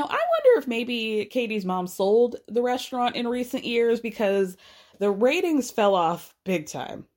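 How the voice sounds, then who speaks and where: A woman hosting a casual recap podcast, chatty and sarcastic, laughing often as she talks. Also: medium pitch. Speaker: podcast host recapping a reality show.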